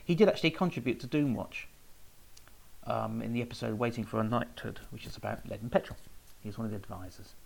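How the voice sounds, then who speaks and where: A man's voice: lowish voice, fast, gravelly, darkish tone, slightly rough, rough recording. A man telling research anecdotes in a casual, rambling way, with many fillers and self-corrections. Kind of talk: casual spoken talk about research.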